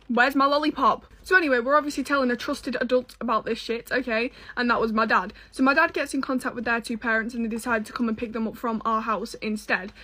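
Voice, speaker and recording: British woman, young, sassy storyteller, swears a lot, fairly high voice. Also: sharp tone. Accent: British English. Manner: sassy, swearing, dramatic asides to viewers. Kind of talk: casual storytime.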